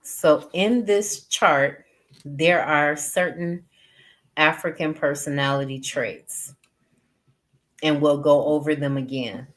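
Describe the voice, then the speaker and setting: A woman slowly reading a text aloud and adding her own comments, pausing between phrases. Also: low-pitched. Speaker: reader and teacher.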